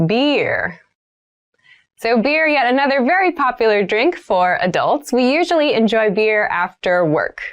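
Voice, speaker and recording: A woman's voice: on the high side, big pitch swings, a little slow. A woman teaching English vocabulary, saying each word and example sentence three times and then explaining it plainly. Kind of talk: slow, clear vocabulary lesson with repeated words.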